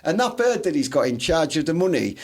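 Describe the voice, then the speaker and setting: A young man with a high voice chats on a podcast. He rambles bluntly and laughs through his jokes. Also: sing-song, brisk, a little mellow. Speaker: podcast co-host. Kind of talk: casual banter.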